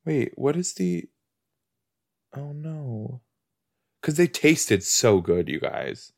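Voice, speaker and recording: Man, casual rambling chat, easily sidetracked, lots of exclamations, unhurried pace. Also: fairly low pitch, huge pitch swings, creaky, darkish tone. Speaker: host reacting to a TV episode. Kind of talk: casual watch-along chat. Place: indoors on a couch.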